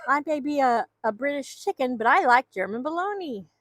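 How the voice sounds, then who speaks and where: A woman's voice: high-pitched, expressive, brisk, fairly bright tone, dry recording, pitched above the performer's own voice. A woman voicing a chirpy greedy hen. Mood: delighted. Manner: chirpy, gushing over food. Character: cheerful greedy female British hen. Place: outdoor chicken yard.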